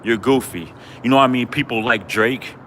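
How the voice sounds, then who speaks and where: A man's voice: mid-range voice, brisk, fairly bright tone, slight background noise. A man hosting a livestream, ranting in a taunting, repetitive, mocking way. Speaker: livestream host.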